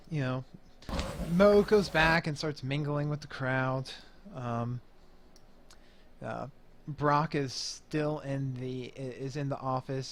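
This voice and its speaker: A man's voice: medium pitch, slight background noise. A man running a tabletop horror game, narrating with many fillers and restarts. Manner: hesitant, filler-heavy narration. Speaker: game master.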